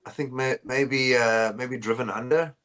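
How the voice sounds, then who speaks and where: A South African man, a band's bassist, answering interview questions in a rambling, casual way with many fillers and restarts over a phone call. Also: fairly even intonation, measured pace, a bit bright, smooth.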